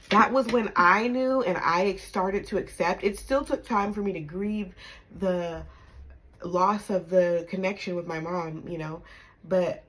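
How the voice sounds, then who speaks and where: A woman in her thirties tells a personal story on her vlog in a mid-pitched, candid voice. She talks emphatically and drops to a soft, low tone when she turns reflective. She checks in with the listener as she goes. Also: slight background noise, poor audio. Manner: emphatic, punctuates with "okay?" and laughs. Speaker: storytime vlogger.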